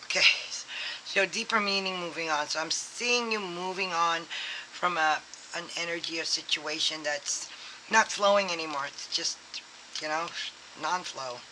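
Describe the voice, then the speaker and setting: Over a noisy background, a tarot reader with a medium-pitched voice talks at a normal speed. The casual reading rambles, leaning on fillers and acting out quoted thoughts.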